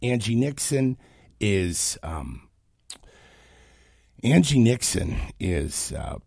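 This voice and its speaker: Raspy guy ranting about politics on his show, pitch all over the place, dry close sound. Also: extremely slow, no room sound. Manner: animated, opinionated, mocking. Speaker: talk show host. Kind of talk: political commentary.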